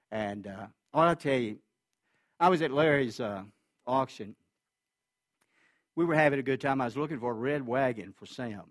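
Recorded in studio quality with no echo, a man with a medium-pitched voice preaches as a pastor. He shares a personal story with earnest feeling, alternating between loud passages and hushed ones.

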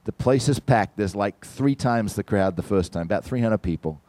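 Animated man telling a testimony in a sermon. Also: on the low side, normal speed, dry recording. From from outside the United States. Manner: animated storyteller addressing the congregation. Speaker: visiting church musician and speaker.

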